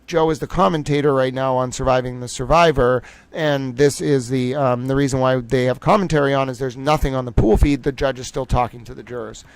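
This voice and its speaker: A man's voice: medium pitch, fairly even intonation, fairly quick, hardly any pauses, clear, resonant tone, dry recording. A man hosting a livestream, chatting casually, joking and reading the chat aloud. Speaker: livestream host.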